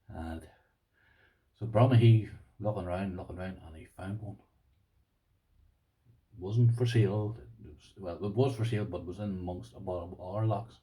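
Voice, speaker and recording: A middle-aged Irish man chatting casually to camera about his lock collection, self-deprecating and quick to laugh. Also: low-pitched, mellow, distant mic, rough recording. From Ireland. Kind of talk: casual vlog chat.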